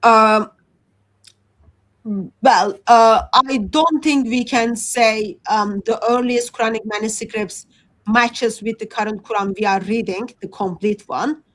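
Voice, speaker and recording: A woman with a fairly high voice and a talks through her points on a casual livestream. She speaks haltingly, with many ums and restarts. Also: fairly even intonation, a bit bright, low-quality recording. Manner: hesitant, many fillers and restarts. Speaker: Christian apologist presenter.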